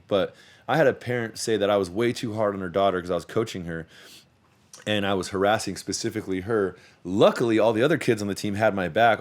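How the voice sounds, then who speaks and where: A man hosting a podcast, talking in a rambling, profane casual chat and repeating words as he restarts his sentences. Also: fairly low pitch. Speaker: podcast host; youth sports coach.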